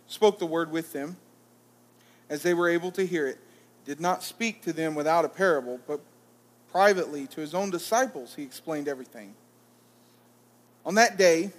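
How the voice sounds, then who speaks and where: Preacher, male, high pitch; reads plainly, comments conversationally; reverberant sanctuary. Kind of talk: scripture reading and sermon. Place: church hall. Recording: reverberant church hall.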